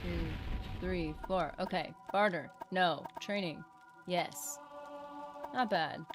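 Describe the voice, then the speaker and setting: A woman streaming a video game live, chatting casually, reading chat aloud and breaking into excited bursts. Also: on the low side, takes it slowly, music in the background. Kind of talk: live gameplay commentary.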